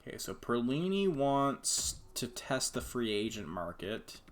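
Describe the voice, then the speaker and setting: Playing a hockey video game, this male gaming YouTuber gives casual, sarcastic commentary, muttering in exasperation to himself. He speaks in a mid-range, sing-song voice, a little slowly.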